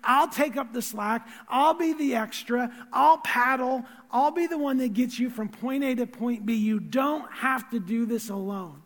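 A man voicing Jesus as a gentle, reassuring grown man, in an earnest, raised, encouraging tone. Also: very high voice, measured pace, few pauses, long reverb tail, full character voice.

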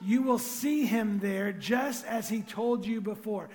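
A pastor takes his sermon slowly, loose and conversational, turning from animated to soft and intimate, with soft background music behind him. His voice is high for a man and rings with long reverb from a large hall.

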